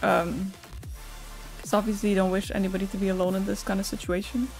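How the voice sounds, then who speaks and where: A woman's voice: medium pitch, level tone, fast, soft background music. A woman streamer chatting candidly and emotionally with her viewers, swearing, laughing and reading their messages aloud. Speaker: Twitch streamer. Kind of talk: casual live-stream chat with viewers.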